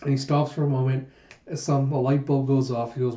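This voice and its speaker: A man's voice: mid-range voice, fairly even intonation, fairly quick, mellow. Man reading manga aloud, echoey. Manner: narrates panels and reads character lines aloud with playful voices. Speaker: manga reviewer. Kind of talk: animated manga readthrough. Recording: muffled lo-fi echoey room.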